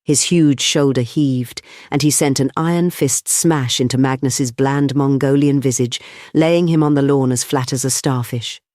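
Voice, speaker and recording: A man narrating an audiobook with a steady, measured delivery. His voice sits in a middle register, recorded close and dry with no room sound. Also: medium pitch, no echo. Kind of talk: scripted narration.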